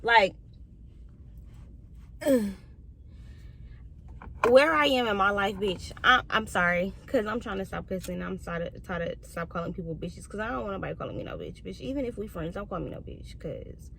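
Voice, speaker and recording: Bright-voiced young woman, candid rant. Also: medium pitch, moderate pace, vocal fry, long pauses, slight background noise. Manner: candid, heavy cursing, swings between quiet and heated. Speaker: podcast host. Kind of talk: casual monologue.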